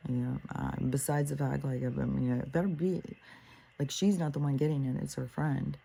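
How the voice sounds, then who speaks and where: An older woman with a low, gravelly voice that has a husky, mellow edge. She rants in a casual monologue, swearing freely and acting out what she and others said. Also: normal speed, poor audio. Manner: profane, ranting storyteller; animated, quotes herself and others. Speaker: host.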